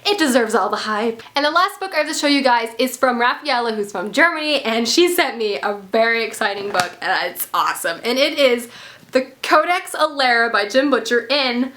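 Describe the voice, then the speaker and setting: A young woman from the United States, a book vlogger talking casually and excitedly, gushing with lots of "like" fillers. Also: on the high side, moderate pace, a little hiss or hum. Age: young adult. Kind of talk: casual book haul chat.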